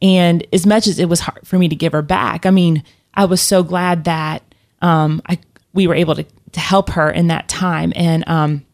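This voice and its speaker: A woman's voice: lowish voice, steady tone, moderate pace, a little mellow. A woman telling a personal story in casual conversation, rambling with fillers and restarts. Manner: rambling, many restarts and fillers, laughs often.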